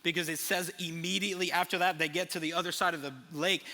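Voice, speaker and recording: A young man preaching a sermon, animated, acting out little scenes as he tells the story. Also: sits high, fast. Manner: animated storytelling with acted asides. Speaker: pastor. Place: large church hall. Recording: long reverb of a big hall.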